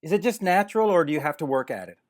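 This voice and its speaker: Brief: male interview host, jokey and conversational, slightly higher voice, rambling questions. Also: expressive, racing, a little mellow. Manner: jokey, chatty questions with many restarts. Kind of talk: casual interview chat.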